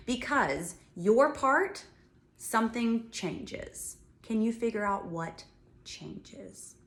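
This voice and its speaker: A woman's voice: fairly high pitch, animated, very slow, echoey room. Patient woman teaching children a song. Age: adult. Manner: patient, explaining step by step to young children. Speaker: music teacher. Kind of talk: children's music lesson, speaking and singing.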